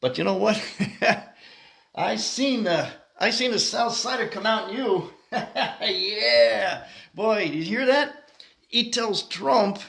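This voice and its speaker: A brash, street-talking South Sider with a thick Chicago accent, as a man puts him on in a comic monologue. His voice sits high and bounces up and down, and he talks bluntly, leaning on slang and "you know". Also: animated, slow pace, creaky, pauses often, a bit bright, exaggerated voice.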